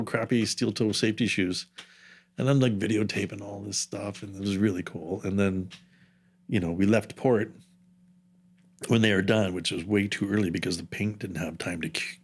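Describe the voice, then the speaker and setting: Man, 50s, somewhat low-pitched; casual, wandering storyteller who doubles back mid-thought. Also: moderate pace, a bit bright. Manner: rambling, jumps around in time with asides. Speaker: underwater camera operator, podcast guest.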